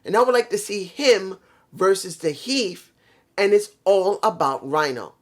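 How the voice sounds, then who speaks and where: This show reviewer's voice sits high and sounds animated, though he keeps a measured pace. He rants bluntly and swears freely in a casual, opinionated monologue, calling his worn voice messed up.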